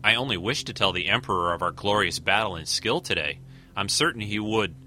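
A man voicing a scheming alien male commander who speaks with smooth, falsely polite deference. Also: fairly low pitch, animated, brisk, bright, forceful tone, a little hiss or hum. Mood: insincere.

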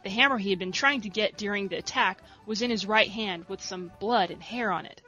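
A woman reading a story aloud in a soft, steady narration. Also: medium pitch, a little fast, slightly rough, muffled recording, soft background music. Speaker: reader.

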